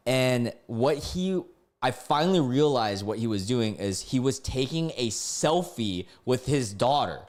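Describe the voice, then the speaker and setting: A man's voice: mid-range voice, animated, unhurried. A man streaming from home, telling a personal story in a casual, rambling way with many fillers and self-corrections.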